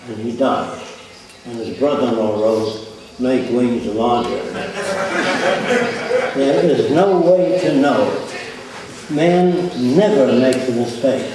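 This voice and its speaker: A man's voice: medium pitch, warm tone. An older man giving a plainspoken public lecture, telling anecdotes and acting out short exchanges. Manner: plainspoken, anecdotal, acts out little dialogues. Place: lecture hall. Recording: distant, echoey hall recording.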